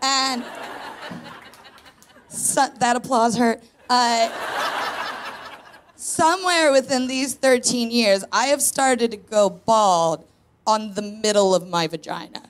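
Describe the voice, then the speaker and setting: A woman comedian in her thirties takes it slowly, leaving long pauses, her voice fairly high, with a little hiss or hum in the audio. Co-hosting a live show in a tent venue before an audience, she tells confessional, self-mocking stories with punchy asides.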